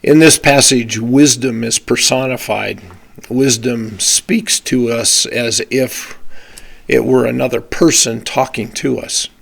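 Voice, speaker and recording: A man giving a short devotional with a prayer, his voice scratchy and hoarse from a cold, speaking in a slow, measured, reflective way. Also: mid-range voice, steady tone. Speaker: pastor.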